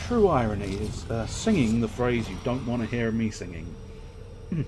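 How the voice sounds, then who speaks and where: A man's voice: medium pitch, sing-song, normal speed, music in the background. A man streaming a video game who rambles and swears as he thinks aloud while customizing his gear. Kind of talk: casual let's-play commentary.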